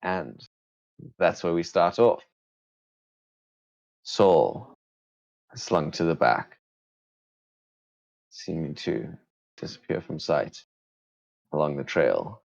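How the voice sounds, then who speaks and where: A man's voice: extremely low pitch, animated, takes it slowly, creaky, pauses often, a little mellow, highs cut off. A man narrating as game master, setting scenes for a tabletop game.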